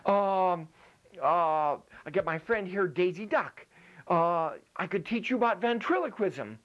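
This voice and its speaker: A man's voice: high-pitched, lively intonation, slow, a bit bright. Jokey lecturing man, dull lo-fi sound. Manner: jokey, demonstrates ventriloquism with food in mouth. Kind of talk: playful comic lecture.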